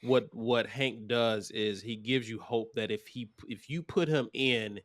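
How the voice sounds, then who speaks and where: A man's voice: mid-range voice, steady tone, measured pace, no echo, clean studio sound. A man co-hosting a casual sports talk show, brief in his remarks and steering the talk along. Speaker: podcast co-host.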